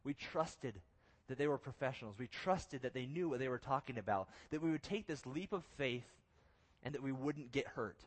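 A young man giving a youth sermon, telling a story with lively quoted inner thoughts and rhetorical questions. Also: medium pitch, normal speed. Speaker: youth pastor.

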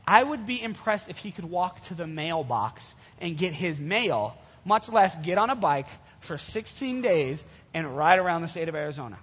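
A man gives a sermon to young listeners in a loose, storytelling manner, his voice high and husky. The recording is dull and carries the long reverb of a big hall. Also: big pitch swings, moderate pace, fairly bright tone. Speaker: youth preacher. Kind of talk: sermon retelling a Bible story.

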